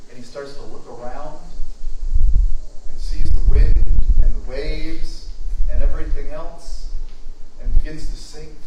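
A man's voice: medium pitch, very echoey, distant mic, background noise. A male pastor giving a conversational sermon, acting out the voices of the people he quotes. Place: church.

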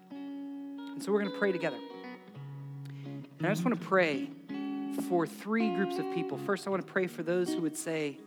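A pastor preaching a sermon and leading a closing prayer, moving between impassioned preaching and soft, intimate prayer. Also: male voice, high voice, moderate pace, long pauses. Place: church service with band playing. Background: live guitar music.

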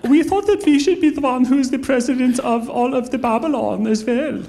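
A man voicing a jealous royal governor in a church skit, in a squeaky comic voice. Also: normal speed, warm tone. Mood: scheming.

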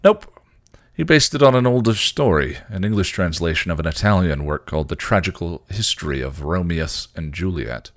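A man voicing a dry, teasing, bookish vampire in a low gruff drawl while reading a story aloud. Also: lively intonation, moderate pace, no room sound.

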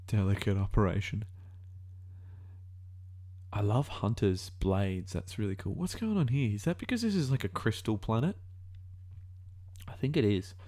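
Low-voiced Australian man musing aloud. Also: very animated, normal speed, warm tone. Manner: musing aloud, rambling, self-correcting. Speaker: video reactor. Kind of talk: casual reaction commentary.

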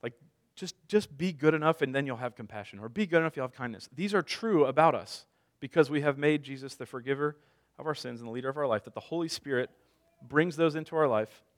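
A man's voice: medium pitch, quick pace, few pauses. A man in his thirties preaching a sermon as a pastor, conversational, telling stories with self-deprecating humor.

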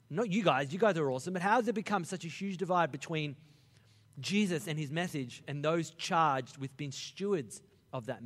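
A man preaching a sermon as pastor, animated and conversational, acting out Bible figures in a casual voice. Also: on the high side, long reverb tail.

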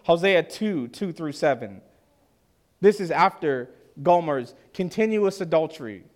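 A male preacher with a somewhat high voice delivers his sermon earnestly, stretching out key lines for weight. He speaks directly to the congregation in a measured pulpit style. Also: animated. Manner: earnest, slows down to stress lines.

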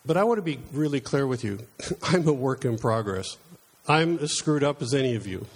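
A man's voice: mid-range voice, animated, normal speed, husky. A middle-aged man preaching a conversational sermon, telling personal stories in a chatty, self-deprecating way.

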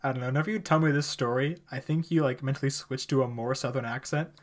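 A young man co-hosting a relaxed podcast conversation. He rambles along, leaning on filler words and often breaking into laughter. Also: medium pitch, fast talker. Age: young adult. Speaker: podcast co-host. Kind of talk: casual chat.

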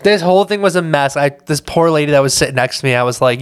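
A man's voice: on the high side, animated, fast talker, clear, resonant tone, dry recording, studio quality. A man hosting a casual solo podcast, tired and drained, rambling with lots of fillers and asking "right?". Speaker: podcast host.

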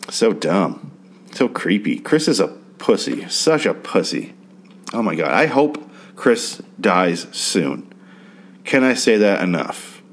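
A man recapping a TV episode in a crude, sarcastic, rambling way, now and then mimicking characters. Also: sits low. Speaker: TV show recapper. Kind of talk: casual spoken TV recap.

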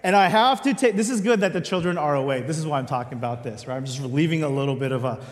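A man's voice: fairly high pitch, racing, big-room sound. A man delivering a sermon in a conversational way, speaking directly to his congregation. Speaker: pastor.

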